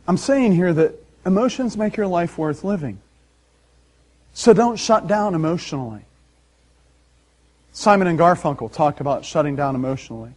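A man preaching a sermon, animated and laughing often, acting out the voices in the story. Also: high voice. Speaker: pastor.

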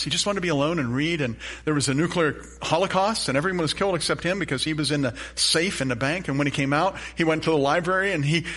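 A man's voice: mid-range voice, a bit bright. A middle-aged man preaching a sermon as pastor, telling a self-deprecating story and asking the congregation questions.

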